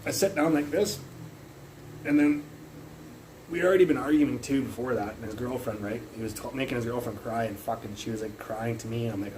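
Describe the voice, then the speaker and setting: A man's voice: mid-range voice, a little fast. Young man, rambling storyteller, swears a lot, phone stream, faint room hum. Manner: rambling, profane, full of fillers and restarts. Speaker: livestreamer. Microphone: phone mic.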